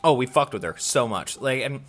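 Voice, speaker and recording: A man's voice: medium pitch, expressive, normal speed, fairly bright tone, soft background music. A young man, co-hosting a casual podcast, joking, laughing and swearing freely. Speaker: podcast co-host. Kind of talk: casual chat.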